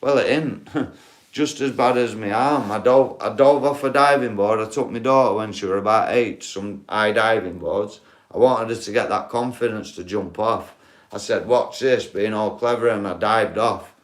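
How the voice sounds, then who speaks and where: Bloke on a livestream, swears a lot, chats to viewers by name, lowish voice. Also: male voice, moderate pace. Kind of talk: casual livestream chat.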